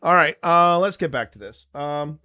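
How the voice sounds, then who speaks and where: Heavy background noise surrounds this fairly high-pitched man speaking at a moderate pace. A paranormal investigator hosting a live stream, he explains his editing method in a loose, joking ramble aimed right at the chat.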